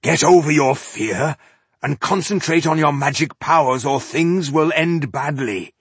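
Guy doing a gruff dwarf warrior, growly and loud, yells his taunts, husky. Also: mid-range voice, extremely slow, no room sound, full character voice. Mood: urging. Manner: growling, bellowing battle taunts. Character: gruff battle-hungry male dwarf warrior.

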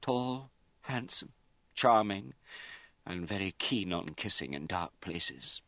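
A man's voice: low voice, animated, slow, fairly bright tone, no echo, pitched above the performer's own voice, full character voice. A fretful, imperious lady of the house, scolding her daughter in a raised, pinched voice, as a male narrator puts her on. Her tone swings wide, from wailing to bitter reproach. It sounds like a dry, close audiobook reading. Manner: wailing, scolding, rising to fury. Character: aristocratic middle-aged mother, anxious and bitter.

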